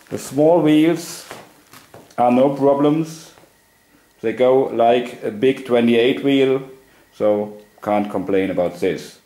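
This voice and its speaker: A man's voice: medium pitch, warm tone, echoey room. A man from Germany with a German accent, giving a casual, matter-of-fact first-impression review in English as a cycling blogger. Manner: plain, matter-of-fact, slow and careful in English.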